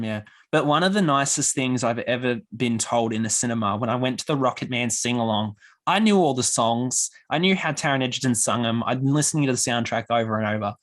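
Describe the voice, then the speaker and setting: Young man telling stories. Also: mid-range voice. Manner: animated storyteller, acts out quoted voices. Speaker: podcast host. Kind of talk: casual podcast chat.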